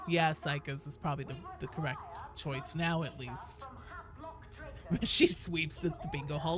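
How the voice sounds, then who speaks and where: A woman in her thirties streams a game, joking with viewers and answering their questions in a casual way. Her low-pitched voice is bright and lively, and she occasionally erupts into loud, sweary outbursts.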